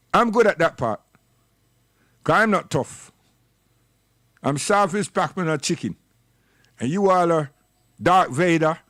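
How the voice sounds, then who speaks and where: A man's voice: fairly high pitch, a bit bright, dry recording, clean studio sound. A man giving a rambling, scolding, impassioned livestream monologue. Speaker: livestream commentator.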